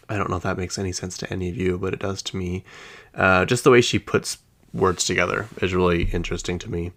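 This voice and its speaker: Chatty and gossipy, a male podcast host rambles through celebrity news in a casual pop-culture chat, addressing his audience as "you guys." His voice is low-pitched and a bit bright.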